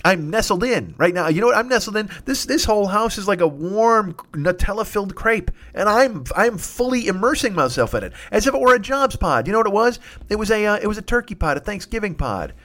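A man's voice: high-pitched, lively intonation, a little fast, hardly any pauses, fairly bright tone. A man hosting a comedy show, riffing through a profane, improvised rant and slipping into silly voices. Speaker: comedy podcast host.

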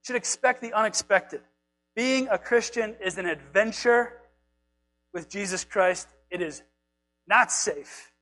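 A man preaching a casual, animated sermon, retelling scripture stories and acting out the quotes in a conversational way. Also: high voice, unhurried, poor audio. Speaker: pastor.

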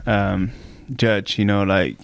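Halting, reflective man, dry close sound. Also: on the low side, fairly even intonation, creaky, no room sound. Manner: halting, reflective, repeats words. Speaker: guest. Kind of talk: casual chat.

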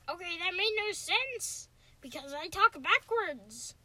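A woman's voice: very high voice, big pitch swings, takes it slowly, bright, forceful tone. A woman chatting casually on a podcast in a playful, giggly and rambling way.

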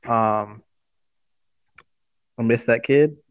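Male podcast co-host, halting storyteller, dull dry lo-fi recording. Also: mid-range voice, vocal fry, no room sound. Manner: rambling, halting, with many fillers.

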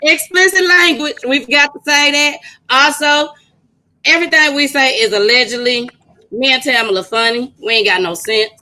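A woman co-hosting a podcast, telling stories in a loud, animated way, swearing freely and laughing often. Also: sits high, moderate pace, rough recording. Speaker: podcast co-host. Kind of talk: casual chat and storytelling.

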